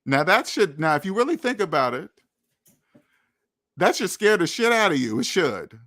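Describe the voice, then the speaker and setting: Scolding man, slightly higher voice. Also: sing-song, moderate pace, fairly bright tone. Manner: preachy, scolding, repetitive. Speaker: finance channel host. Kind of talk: blunt financial commentary.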